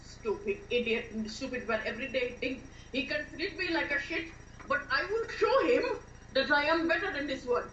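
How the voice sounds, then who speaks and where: A woman plays a furious foreign girlfriend, scolding in with a high, sharp, piercing voice. She lays into her jobless boyfriend in shrill, tearful outbursts. The radio play sounds echoey, distant and dull. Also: animated, brisk, slight background noise. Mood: muttering. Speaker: actor and playwright. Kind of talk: radio drama acting.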